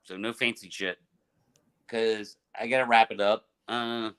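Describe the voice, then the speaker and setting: Man, show host, bright tense voice, rambling, filler-heavy, casual. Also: lowish voice, steady tone, a little slow, smooth. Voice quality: joking, rambling with fillers and restarts. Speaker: podcast host. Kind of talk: casual livestream chat.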